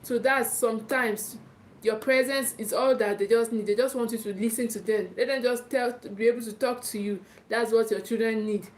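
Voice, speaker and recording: A woman parenting coach speaks in a live teaching session with a Nigerian English accent. Her voice sits a little high. She drives her points home, circling back over phrases and checking in with "okay". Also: fairly even intonation, moderate pace. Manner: emphatic, repeats and restarts phrases, often checks in with "okay".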